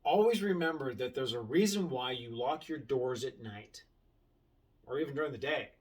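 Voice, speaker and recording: A man's voice: mid-range voice, normal speed, far from the mic. A middle-aged man telling casual stories about his time inside, acting out the voices of the people in them and swearing now and then. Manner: animated, acts out quotes, swears casually. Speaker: former inmate sharing his story. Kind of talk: casual storytelling monologue.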